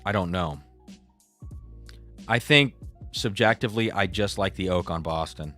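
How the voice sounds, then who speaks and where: A man's voice: deep voice, unhurried, bright, forceful tone, faint music behind. Chatty man hosting a live stream. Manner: chatty, reads viewer comments aloud. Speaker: livestream host. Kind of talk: casual live-stream chat.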